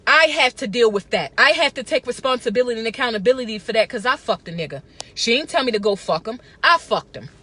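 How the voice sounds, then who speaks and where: A woman's voice: fairly high pitch, expressive, quick pace, sharp tone. A woman, talking to camera in a blunt, profane, emphatic casual rant. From Baltimore. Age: 30s. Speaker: vlogger.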